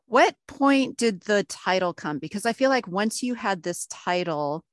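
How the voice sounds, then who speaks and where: A woman's voice: mid-range voice, lively intonation, unhurried, no echo, studio quality. A woman interviewing an author, asking thoughtful, searching questions. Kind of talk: conversational interview.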